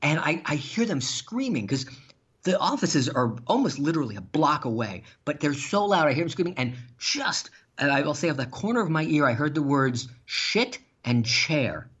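A man telling stories in casual chat, animated and laughing, with some swearing. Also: on the high side, moderate pace, husky. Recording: dull lo-fi sound.

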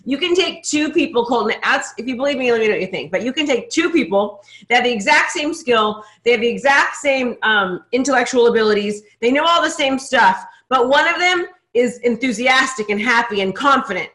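A woman hosting a podcast in casual interview chat, upbeat, talking in quick bursts with many restarts. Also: a little high, animated, a bit bright, reverberant. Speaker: podcast host.

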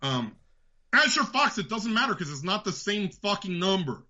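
A man with a New York accent rants about politics as a podcast host, profane and heated. His voice sits fairly high and sounds tense and sharp. The recording is dull and lo-fi. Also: very animated, moderate pace. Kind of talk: ranting political commentary.

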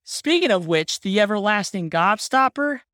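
Excitable woman chatting, dry mic. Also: medium pitch, moderate pace, dry recording. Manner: excitable, laughs often, says "like" a lot. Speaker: podcast co-host. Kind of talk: casual chat about a film.

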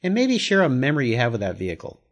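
A man's voice: medium pitch, wildly swooping pitch, rapid-fire. A man hosting a casual interview, enthusiastic and encouraging toward his guest. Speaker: host.

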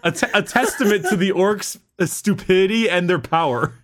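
A man's voice: sits high, moderate pace, a bit bright. A man telling stories in casual chat, laughing often and stumbling into restarts.

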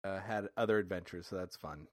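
A man co-hosting a podcast in easygoing casual chat, hesitant and quick to laugh. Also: low voice. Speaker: podcast co-host.

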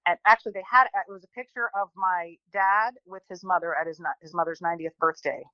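A woman in her forties, a guest telling a personal story in an animated, chatty way, often restarting and quoting people. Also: fairly low pitch, fast, dry recording, muffled recording. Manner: chatty, animated, many restarts and quoted voices.

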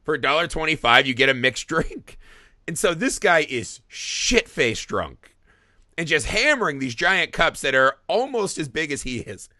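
In a relaxed conversation about films, this podcast co-host is a lively storyteller who curses liberally. He talks at a moderate pace in a voice on the high side, and the recording is dry and studio-clean.

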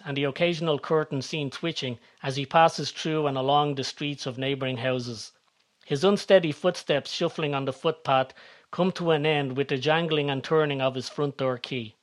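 A man narrating a scripted story, reading steadily and descriptively. His voice sits slightly high for a man.

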